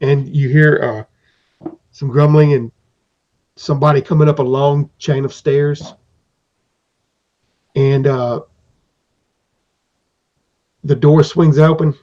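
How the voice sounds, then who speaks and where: A man's voice: on the high side, steady tone, slow, pauses often, dark tone. A man acting as game master, narrating a tabletop game in a rambling, descriptive way on a dull lo-fi recording.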